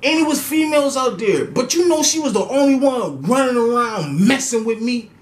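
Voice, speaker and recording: High-voiced New guy in an echoey room. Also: normal speed, few pauses. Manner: slangy, profane, animated with laughs. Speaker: storytelling vlogger. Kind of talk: casual story time.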